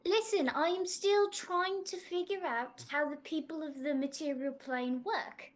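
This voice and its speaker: Brief: woman playing a dizzy, chatty young adventurer, high voice. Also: unhurried. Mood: earnest. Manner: rambling, oblivious, chatty. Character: young, scatterbrained, easily distracted female adventurer.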